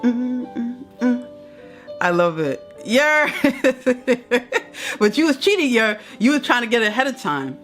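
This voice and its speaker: Slow-talking, gushing motivational woman host. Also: a little high, soft background music. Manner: effusive, affectionate, repeats herself, giggles often; excitable, shrieks during countdowns. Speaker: motivational speaker and channel host. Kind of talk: live-stream motivational talk, chatting with viewers.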